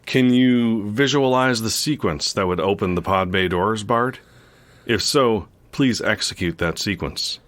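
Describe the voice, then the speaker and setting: A man playing a stranded astronaut who stays calm and deadpan, making requests in an understated way. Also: fairly low pitch, measured pace. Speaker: podcast host.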